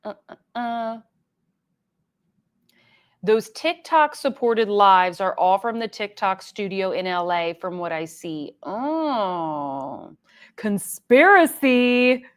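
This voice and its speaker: A woman's voice: medium pitch, slow pace, long pauses, smooth. A young adult woman hosting a casual livestream, chatting loosely and reading viewer comments aloud with plenty of fillers. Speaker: livestream host.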